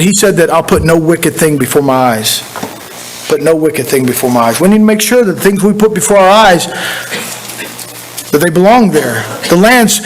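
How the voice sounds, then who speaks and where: A high-pitched male pastor preaches a sermon in a church sanctuary, folksy and conversational, repeating phrases as he goes. The recording is rough.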